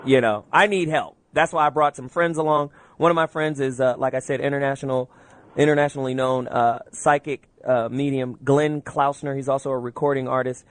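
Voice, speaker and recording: A man's voice: mid-range voice, brisk. A man hosting a call-in radio talk show, casual and playful, joking with his guests and inviting callers. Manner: animated, playful, laughs often.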